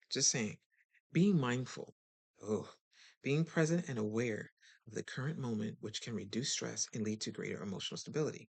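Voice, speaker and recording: A lively host talking straight to listeners in a casual self-help chat. The voice sits at a middling pitch, and the delivery stays animated and conversational, with quick turns into acting out other people. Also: vocal fry, breathy edge. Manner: chatty and direct, addresses listeners. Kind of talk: casual motivational talk.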